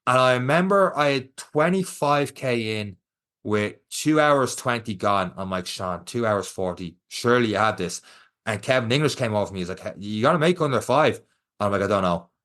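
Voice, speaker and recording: The speaker, a young Irish podcast co-host, has a medium-pitched voice and a moderate pace. He's telling a race story in easygoing chat, animated throughout and acting out people's quotes.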